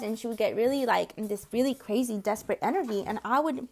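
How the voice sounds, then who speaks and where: Speaking quickly in a fairly high voice over slight background noise, this forties-aged podcast host and consultant rattles through personal stories. She keeps it chatty and casual, drops the occasional swear word, and performs the voices of people she quotes.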